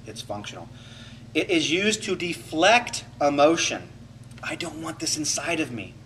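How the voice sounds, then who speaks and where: A man's voice: medium pitch, distant mic, slight background noise, low-quality recording. A man coaching a class in a reflective teaching talk, acting out inner voices to make his points. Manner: animated, acts out inner voices to illustrate.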